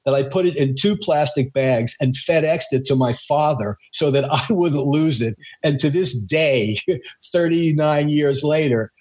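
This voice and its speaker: A man in his seventies from New York City, telling a story in casual chat and slowing down to stress key moments. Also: medium pitch. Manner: animated anecdote teller, slows down for emphasis. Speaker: co-host.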